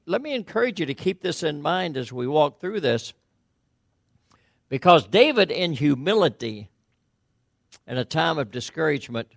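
Gravelly-voiced man preaching a sermon. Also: a little high, no room sound, studio quality. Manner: conversational preaching with frequent restarts and rhetorical questions. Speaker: pastor.

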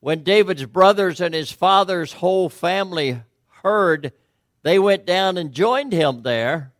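A man's voice: high-pitched, expressive, unhurried, no room sound, clean studio sound. A man preaching a conversational sermon, talking with frequent restarts and rhetorical questions. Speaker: pastor.

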